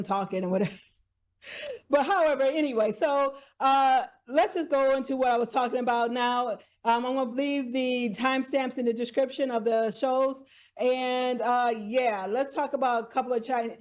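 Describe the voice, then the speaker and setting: A woman vlogger casually recapping TV dramas, chatty, laughing often and restarting her sentences. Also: fairly high pitch.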